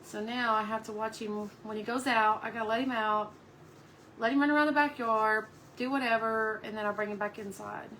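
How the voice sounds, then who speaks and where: A woman's voice: on the high side, fairly even intonation, a little fast, bright, forceful tone, slight background noise, rough recording. A woman chatting casually on a live craft stream from home, cooing at her dog between talk about her painting.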